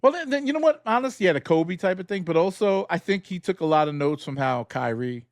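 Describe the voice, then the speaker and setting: A man's voice: high voice, lively intonation, brisk, dry recording. A man with a New York accent chatting loosely on a podcast, cursing casually and trailing off mid-thought. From New York, Queens. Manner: loose, profane, laughs often, trails off. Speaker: podcast co-host. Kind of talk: casual chat.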